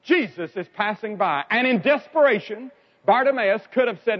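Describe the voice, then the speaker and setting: Man, preacher, evangelistic sermon, dramatic storytelling, lively voice, dull lo-fi recording. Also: moderate pace. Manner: dramatic storytelling with sharp swings in pitch and loudness.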